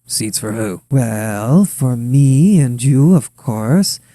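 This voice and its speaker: A man voicing the polite, subservient wife of a trillionaire president in a Ukrainian accent, soft and coaxing in an audio story. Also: medium pitch, animated, slow pace, no echo, clean studio sound. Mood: sweetly coaxing.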